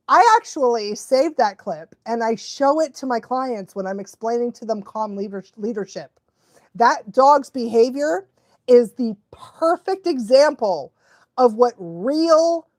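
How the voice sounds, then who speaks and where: Excitable young woman, high dry voice. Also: slow, no echo. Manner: excitable, animated, laughs often, loses her thread. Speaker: dog trainer hosting a live watch-along. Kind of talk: casual live-stream chat.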